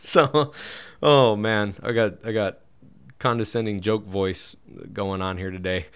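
Brief: man with a lowish voice, relaxed Bible-teacher delivery, chatty and direct. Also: measured pace, clear, resonant tone. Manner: conversational, with restarts and asides to listeners.

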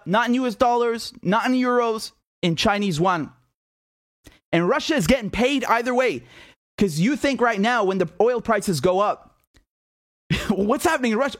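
Mocking, high-voiced male commentator. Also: dry recording, studio quality. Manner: blunt, mocking, laughs often, swears. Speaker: political commentator. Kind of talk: casual opinion monologue.

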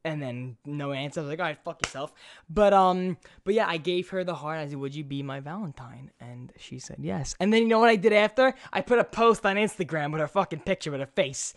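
A young man hosting a podcast, telling stories in an animated, foul-mouthed way. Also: a little high, brisk, few pauses. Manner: animated storytelling, swears a lot. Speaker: podcast host. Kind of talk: casual podcast chat.

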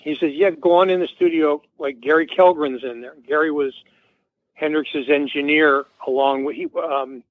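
A man's voice: a little high, steady tone, moderate pace, no echo. A man, a musician guest, telling a rambling story in an interview and acting out the quoted dialogue. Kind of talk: casual anecdote in an interview. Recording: tinny dry phone line.

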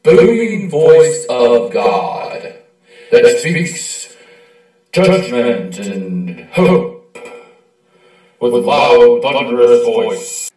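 A man putting on a booming, thunderous voice that proclaims judgment, slow and grand, with a heavy echo effect. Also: expressive, a little mellow. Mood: proclaiming. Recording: huge reverb, distant, guitar music behind.

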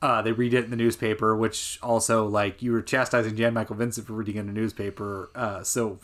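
A man's voice: on the low side, little pitch movement, brisk, fairly bright tone. A man co-hosting a podcast, talking casually about a movie in a rambling way, with many fillers and restarts. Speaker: podcast co-host. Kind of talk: casual film discussion.

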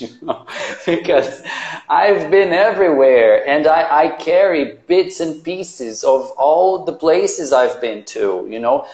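A man who teaches English, talking in a casual interview, chatty and animated, often saying "you know". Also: on the high side, unhurried, echoey room.

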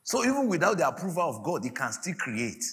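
Preacher with gravelly bright voice. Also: male voice, fairly high pitch, sing-song, a little fast. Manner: preaching with prophetic declarations, building to shouted laughter. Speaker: pastor. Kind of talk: sermon. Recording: faint music behind the preaching.

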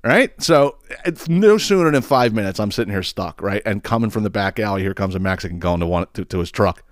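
A man's voice: on the low side, expressive, brisk, dry recording, clean studio sound. A man hosting a podcast, telling a story casually, rambling, swearing often and laughing at himself. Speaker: podcast host.

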